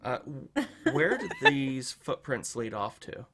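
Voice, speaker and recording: A man playing a tabletop role-playing game, reasoning through clues aloud with halting starts. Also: medium pitch, bright, forceful tone. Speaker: player. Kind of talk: casual tabletop role-play.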